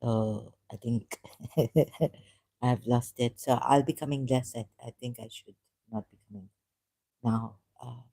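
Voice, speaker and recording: A woman with a Sindhi Khoja accent, talking on a live stream in a halting, rambling way, often searching for words and slipping into Hindi-Urdu. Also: rumbling low, vocal fry, mellow, husky.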